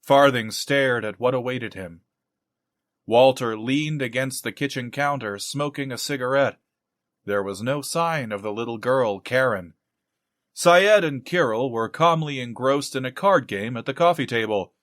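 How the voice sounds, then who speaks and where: Guy narrating a horror novel, steady, totally dry sound. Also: medium pitch, a little slow, no echo. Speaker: audiobook narrator. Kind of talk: audiobook narration.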